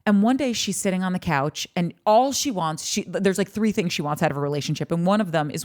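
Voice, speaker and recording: A woman hosts a podcast, commenting casually on a reality show with lots of animation, free swearing and acted-out quotes. Her voice sits low and is slightly mellow, and she talks briskly and expressively with hardly any pauses.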